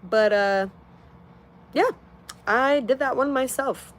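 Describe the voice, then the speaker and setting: Woman in her twenties, casual live-stream host, cursing freely and straight-talking, voice a touch high. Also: takes it slowly, slight background noise. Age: 20s. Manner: blunt and heavily profane. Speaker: livestreamer. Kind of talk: casual livestream chat reading comments.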